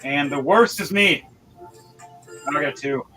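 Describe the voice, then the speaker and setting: A man's voice: a little high, slow, bright, forceful tone, faint music behind, low-quality recording. A man narrating as game master of a tabletop role-playing session, in a loose, conversational way with frequent restarts.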